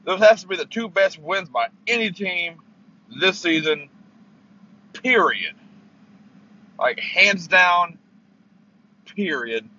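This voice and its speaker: A man's voice: high-pitched, lively intonation, takes it slowly, pauses often, bright, forceful tone. Heated, swearing man ranting in a car. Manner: profane, heated, stammering. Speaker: podcast host. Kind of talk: angry sports rant. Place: parked car. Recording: muffled lo-fi car recording.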